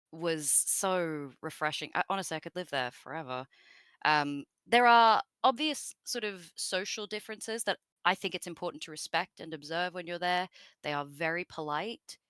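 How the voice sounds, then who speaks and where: An Australian woman chats freely as an interview guest, wandering through her thoughts with plenty of asides. Her voice is bright and smooth, sitting a little low. The mic is close and dry. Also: no room sound. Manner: chatty and rambling, with many fillers and asides. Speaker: voice actress guest. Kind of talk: casual interview chat.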